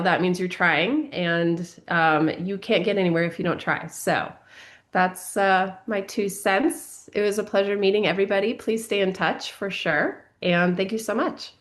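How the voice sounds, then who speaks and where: A woman's voice: mid-range voice, unhurried. A woman giving an upbeat, encouraging talk to fellow speakers, with many fillers. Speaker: summit speaker. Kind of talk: informal speech to a group.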